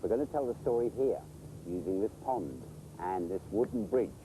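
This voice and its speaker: A man presenting children's TV, telling a story in a playful, animated way. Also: lowish voice, normal speed, slight background noise, low-quality recording.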